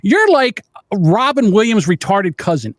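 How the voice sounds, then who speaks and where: A man's voice: high-pitched, big pitch swings, unhurried, no echo. A male guest on a live stream, arguing with the host in a needling, sarcastic way. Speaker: call-in guest. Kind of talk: heated argument.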